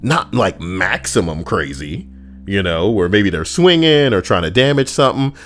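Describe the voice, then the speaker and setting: A man hosting a video, delivering an animated, profane commentary rant. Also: normal speed, soft background music. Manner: animated, profane, swinging up and down in pitch. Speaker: video host.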